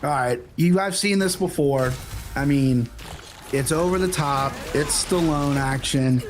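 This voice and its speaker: Man, sports co-host, fired-up and swearing freely, slightly higher voice, faint hiss behind. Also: unhurried. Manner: animated, profane, emphatic. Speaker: podcast co-host. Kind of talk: excited sports betting chat.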